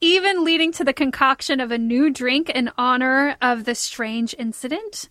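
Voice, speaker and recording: A woman's voice: high-pitched, moderate pace, a bit bright, dry recording. A young woman with a light Texan accent, chatting and telling a story on a podcast with lots of "like" fillers and giggles. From Texas. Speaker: podcast co-host. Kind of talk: casual chat.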